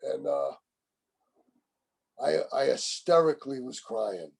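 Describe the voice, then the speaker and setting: A man's voice: mid-range voice, slow pace, creaky, breathy edge. A man in his sixties telling his recovery story over a video call in a rambling, candid way, often swearing and repeating "you know what I mean.". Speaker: main speaker at a recovery meeting. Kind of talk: personal recovery share.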